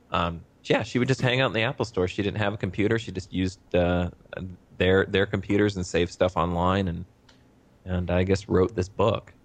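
A man with a very deep voice co-hosts a casual tech podcast. He rambles along, stammering and filling gaps with fillers.

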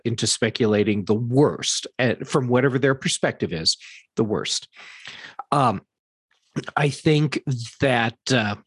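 A man co-hosting a casual panel discussion, giving measured, thoughtful analysis with some restarts. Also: medium pitch, breathy edge, no echo.

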